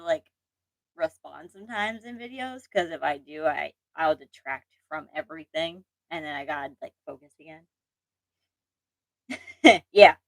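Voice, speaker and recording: Young woman, casual livestream chat, rambling, self-deprecating, lower voice, dry close sound. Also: dry recording, rough recording. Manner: chatty, rambling, self-deprecating, frequent laughs and restarts. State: occasional allergy cough. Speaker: channel host.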